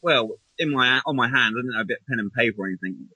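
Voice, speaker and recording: Bright, husky man chatting. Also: mid-range voice, quick pace, dry recording, poor audio. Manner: rambling, hesitant, restarts often. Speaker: podcast co-host. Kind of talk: casual chat.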